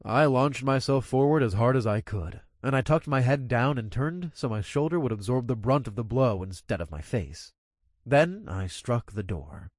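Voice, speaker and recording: A man's voice: medium pitch, animated, moderate pace, darkish tone, no room sound, studio quality. A man reading a first-person action story aloud in a casual, profane manner. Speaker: narrator.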